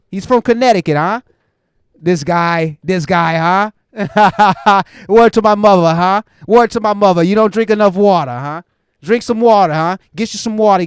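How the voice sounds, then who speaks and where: A man voicing a brash, loud New tough guy who taunts. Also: high voice, clean tone, no room sound, studio quality, pitched above the performer's own voice, close to an everyday voice.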